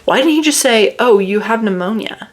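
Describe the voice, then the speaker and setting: A woman's voice: fairly high pitch, expressive, normal speed. A woman reviewing a book in a casual, sarcastic and exasperated way, reading quotes aloud and picking them apart.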